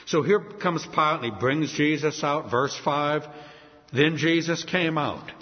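Emphatic preacher man in a reverberant hall. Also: fairly high pitch. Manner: emphatic, dramatic preaching with slow stressed repetitions. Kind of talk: sermon. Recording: reverberant hall, dull lo-fi sound.

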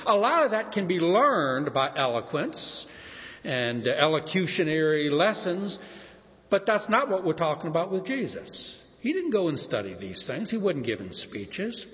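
Older guy preaching, from texas, up and down voice, pauses a lot, muffled echoey church audio. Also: high-pitched. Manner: earnest preaching with shifting emphasis and dramatic pauses. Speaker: pastor. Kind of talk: sermon. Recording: muffled sound in a reverberant hall.

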